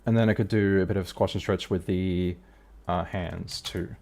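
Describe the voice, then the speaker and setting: A man's voice: low-pitched, moderate pace, gravelly, slight background noise. A man streaming live, talking to himself casually as he works through an animation, with faint music behind. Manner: relaxed thinking aloud, self-talk.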